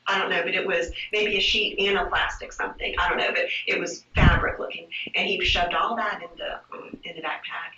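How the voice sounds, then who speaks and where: A woman giving a police statement, halting and distressed, often restarting her sentences. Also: lowish voice. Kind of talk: recorded police interview. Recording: distant, echoey, lo-fi room recording with loud hiss.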